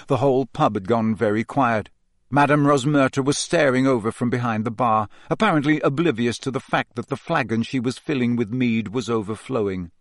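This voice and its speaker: A man narrating a storybook in an expressive, dramatic reading style. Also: mid-range voice, brisk, dry recording, clean studio sound. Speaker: audiobook reader.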